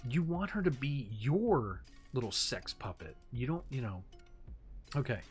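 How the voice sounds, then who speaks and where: A man hosting a casual commentary video, ranting in an animated, exasperated way with frequent profanity and mocking asides. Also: medium pitch, unhurried, faint music behind. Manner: animated, swings into mocking impressions and sarcastic read-outs. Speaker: commentary host.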